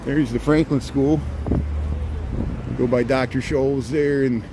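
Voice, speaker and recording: A man's voice: mid-range voice, fairly even intonation, slow pace. A man in his forties from Indiana with a Midwestern accent hosts a walking livestream on a city street. He talks in a folksy, rambling way, filling his sentences with "here" and "there.". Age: 40s. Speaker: livestream host. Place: outdoors on a city street in light rain. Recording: street noise behind.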